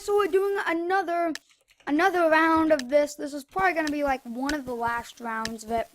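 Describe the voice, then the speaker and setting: A high-voiced woman talks through her own gameplay in a loose, rambling commentary and breaks into excited yells at the big moments. A loud hiss of noise sits under her voice, and mouse clicks keep tapping away in the background. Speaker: gaming channel host.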